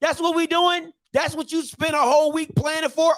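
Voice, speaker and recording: A man hosting a sports recap show, ranting in excitable, slangy trash talk and repeating himself for emphasis. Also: very high voice, normal speed, gravelly, hardly any pauses, dry recording, clean studio sound. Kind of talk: animated sports recap rant.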